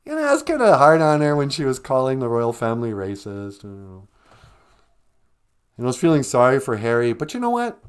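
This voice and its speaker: A man's voice: medium pitch, wildly swooping pitch, brisk, smooth. A man hosting a casual live stream, joking and teasing in a playful way.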